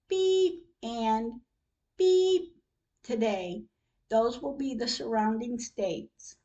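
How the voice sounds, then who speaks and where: Slow, earnest woman reading her diary. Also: fairly high pitch, a little mellow, highs cut off. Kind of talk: reading diary entries aloud.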